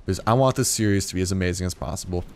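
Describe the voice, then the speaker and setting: A man's voice: deep voice, racing, slight background noise. A young man giving a rambling, casual commentary over a game late at night, tired and swearing freely, his voice jumping up in surprise. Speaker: gaming youtuber. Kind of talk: casual let's play commentary.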